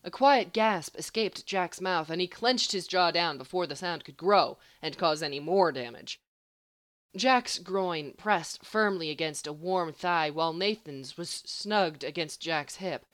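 A woman narrates a story with an expressive reading style. Her voice sits slightly low. The recording is dry and close, with no room sound. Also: a little slow, dry recording.

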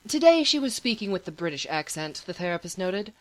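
A woman narrating a fan story as a podfic reader, expressive. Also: fairly low pitch, fairly quick, few pauses. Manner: expressive, lively reading.

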